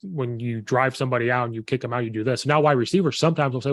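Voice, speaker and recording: Casual podcast host: man, slightly hoarse, animated storyteller, dry close sound. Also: medium pitch, fast, hardly any pauses, dry recording. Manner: animated storyteller, quotes himself, laughs often. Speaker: podcast host and football coach. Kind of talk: casual chat.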